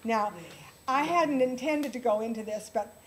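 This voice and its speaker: A woman's voice: a little high, normal speed, a little hiss or hum, rough recording. A woman piano teacher leading a workshop for other teachers, enthusiastic and counting rhythms aloud.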